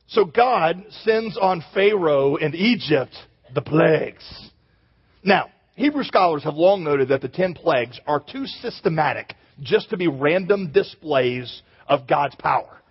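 High, husky-voiced man preaching. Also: moderate pace, in a large hall, muffled recording. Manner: animated, joking, addresses the audience directly. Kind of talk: sermon.

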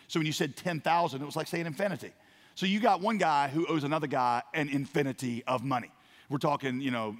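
A man preaching a sermon as a pastor, telling a parable with acted-out voices and swings from quiet to loud. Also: medium pitch. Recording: long hall reverb.

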